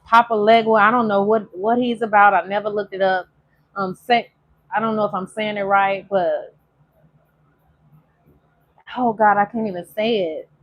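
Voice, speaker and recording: Her voice mid-range and steady, the tarot reader chats emotionally through a spiritual reading for viewers, now and then stretching phrases into a sung lilt. The sound quality is lo-fi.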